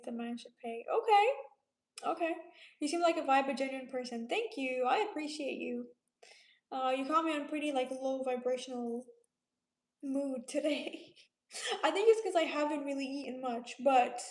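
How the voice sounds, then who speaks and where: Late-20s woman from Romania, livestream host, high-pitched and relaxed, roomy echo. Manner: laid-back, chatty, reads comments aloud and answers them. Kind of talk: casual livestream chat reading viewer comments.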